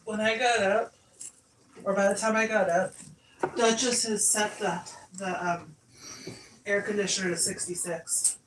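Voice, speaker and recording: A woman chatting casually with her partner in a relaxed, matter-of-fact way, from across the room. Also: mid-range voice, unhurried, pauses often, recorded from a distance, low-quality recording. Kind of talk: casual chat. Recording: off-mic with faint noise.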